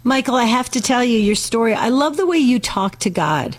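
A female co-host on a radio talk show speaks in an admiring way to her guest. Her voice is fairly high for a woman. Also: animated, brisk.

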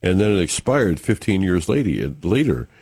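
A man's voice: sits low, big pitch swings, normal speed, a little mellow, husky. A man hosting a casual morning radio show with easygoing banter, chuckling as he reads the day's items. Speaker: radio host.

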